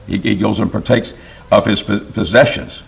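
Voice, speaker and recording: A man teaching a Bible lesson in church in a slow, emphatic way, often asking the class questions. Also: lowish voice, gravelly. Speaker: preacher.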